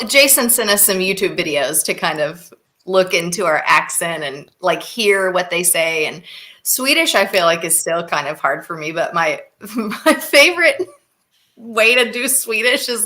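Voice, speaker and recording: A woman's voice: mid-range voice, expressive, measured pace, bright, forceful tone. A woman who acts in a stage play, chatting in an interview with enthusiasm and frequent giggles. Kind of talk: casual interview chat.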